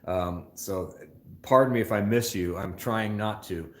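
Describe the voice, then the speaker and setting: A man's voice: lowish voice, unhurried, a bit bright, echoey room. An older man hosting a casual phone live stream from a motorcycle shop, chatting in a rambling, scattered way and reading viewer comments aloud. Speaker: motorcycle channel host.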